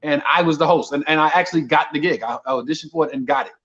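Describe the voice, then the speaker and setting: A man's voice: on the high side, racing. New comedian guy telling a story casual, acts out the voices, bit muffled audio. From Brooklyn, New York. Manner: animated storyteller, acts out dialogue. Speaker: comedian guest.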